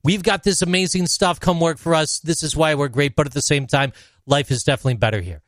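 A man's voice: on the high side, fast talker, fairly bright tone, dry recording, clean studio sound. A man hosting a podcast, playful and teasing in casual chat. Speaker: podcast host.

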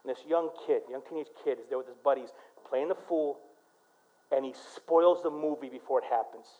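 A male pastor from Michigan preaching a sermon, swinging between loud, punchy lines and quiet storytelling. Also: mid-range voice, brisk, dull audio.

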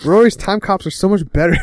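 Animated man recapping a show. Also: high voice, no echo, studio quality. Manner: animated, laughing, quick voices for quoted characters. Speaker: podcast co-host. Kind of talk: casual chat recapping a TV episode.

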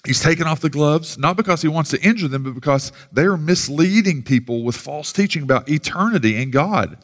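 Man preaching a casual, rambling sermon. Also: on the high side. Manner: casual, rambling delivery with many fillers and restarts. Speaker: pastor.

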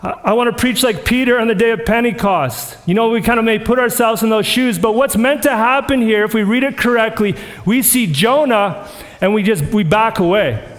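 A man with a very high voice delivers a sermon, earnest and conversational, slipping into the voices of the people in the scripture he quotes. His words ring out with a long reverb from a church sanctuary. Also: fairly quick. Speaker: pastor.

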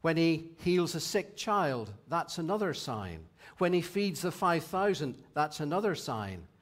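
A man in his sixties preaching a sermon in a measured, reflective way, reading scripture passages aloud. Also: fairly high pitch, big pitch swings.

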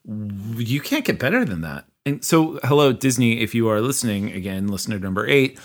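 A man with a low voice in a relaxed podcast conversation. He talks with eager emphasis and a sentimental, teary streak. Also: a little fast. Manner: enthusiastic, emphatic, gets choked up. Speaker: podcast co-host. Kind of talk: casual chat.

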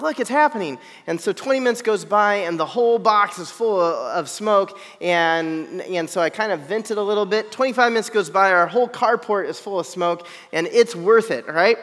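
A high-voiced man tells a humorous personal story to an audience. He is animated and self-deprecating, and he keeps checking in with his listeners. His voice rings out with the long reverb of a large hall.

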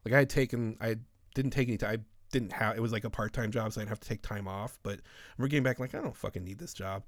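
A man's voice: on the low side, racing, no echo, studio quality. Profane, rambling man in casual chat.

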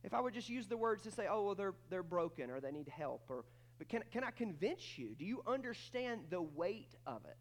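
A man preaching a sermon with emphatic swings between loud, high bursts and quiet, low stretches, often repeating words as he starts a thought. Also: big pitch swings, a little fast. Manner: acts out quoted voices in dialogue. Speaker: pastor.

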